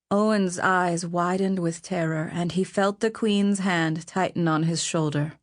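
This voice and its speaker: Slow, measured woman narrator. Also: on the low side, fairly even intonation, no echo, clean studio sound. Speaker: audiobook narrator. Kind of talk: scripted audiobook narration.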